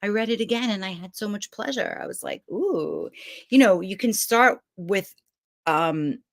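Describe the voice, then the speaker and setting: Speaking at a moderate pace in a mid-range voice, a middle-aged woman from Brooklyn, New York, runs her self-help challenge from a room at home. Her casual motivational talk to camera is chatty, lively, and full of rambling asides, captured in studio quality with no echo.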